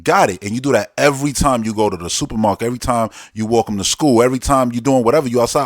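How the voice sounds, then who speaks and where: Man, podcast host, casual joking rant, loud bursts and quiet asides, dry close sound. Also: rapid-fire, few pauses, no echo. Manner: animated, joking, swings between loud outbursts and low asides.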